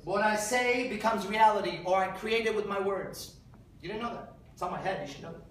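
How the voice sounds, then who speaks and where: A man speaking at a conference, animated and profane, acting out little scenes for the crowd. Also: sits high, a little fast. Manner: profane, animated, acts out voices. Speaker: seminar speaker. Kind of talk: conference talk. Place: large conference hall. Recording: echoey hall from far off.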